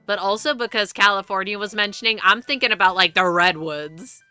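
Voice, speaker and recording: A woman's voice: mid-range voice, brisk, sharp tone, smooth, faint music behind. A young woman streaming live, chatting casually and rambling with frequent restarts and free swearing.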